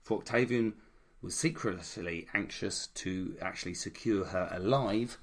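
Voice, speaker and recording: A man's voice: sits low, unhurried. A man co-hosting a casual history chat, retelling events with irreverent, jokey asides. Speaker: podcast co-host.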